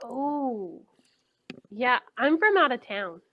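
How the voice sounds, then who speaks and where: A woman playing a tabletop game, playful and animated. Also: a little high, slow, no echo, dull audio. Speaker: player.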